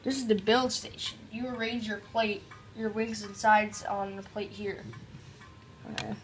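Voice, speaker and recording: A woman's voice: mid-range voice, little pitch movement, unhurried, slight background noise. A woman doing casual let's-play commentary, joking around and reading on-screen tutorial text aloud. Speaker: gameplay commentator.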